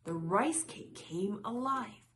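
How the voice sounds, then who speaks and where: Slow, soft-spoken woman storyteller. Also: mid-range voice, animated, slight background noise. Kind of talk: children's picture-book read-aloud.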